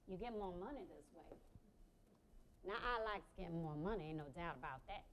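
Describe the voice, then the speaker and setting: Woman playing a sassy, loud-talking mother of five. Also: high voice, slight background noise. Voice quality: sassy, talkative, blunt, streetwise slang. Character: sassy, outspoken mother of five, struggling with money. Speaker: stage actress. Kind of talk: one-woman stage play.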